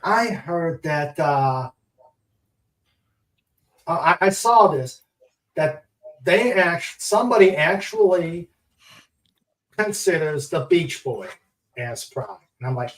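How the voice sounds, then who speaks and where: A man hosting a casual podcast chat, halting and searching for words. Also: fairly high pitch, animated. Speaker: host. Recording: roomy, distant mic.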